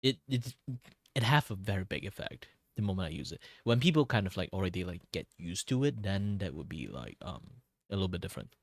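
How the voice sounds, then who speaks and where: Tired, low-voiced man chatting on stream. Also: very animated, brisk, no echo, clean studio sound. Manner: rambling, chuckling, with many fillers and restarts. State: voice worn and tired from talking a lot. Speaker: VTuber streamer. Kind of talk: casual chat with stream viewers.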